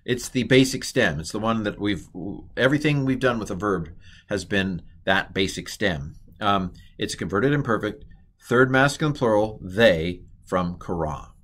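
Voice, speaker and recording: A man's voice: lowish voice, expressive, moderate pace, fairly bright tone. A middle-aged man teaching a recorded Hebrew lesson, rambling and correcting himself, quizzing the listener with questions.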